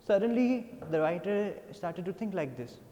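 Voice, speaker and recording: Indian English teacher explaining a story. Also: male voice, sits high, expressive, normal speed, warm tone. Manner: reads passages, then paraphrases with many fillers. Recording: long reverb.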